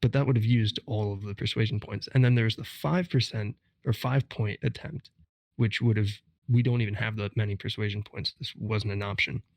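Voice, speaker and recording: A man's voice: fairly low pitch, fairly even intonation, a little fast, vocal fry, no room sound. Man co-hosting a gaming podcast. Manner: analytical, explains step by step. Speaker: podcast co-host. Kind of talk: casual game discussion.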